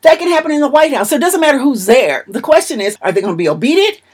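A woman's voice: high-pitched, big pitch swings, quick pace, darkish tone. A woman preaching a sermon in an emphatic, repetitive manner.

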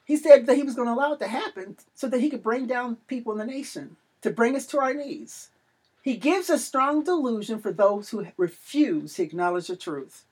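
A middle-aged woman preaching an impassioned sermon, declaiming and shouting at times, then dropping softly into prayer. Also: high voice, sing-song, fairly quick, slightly rough.

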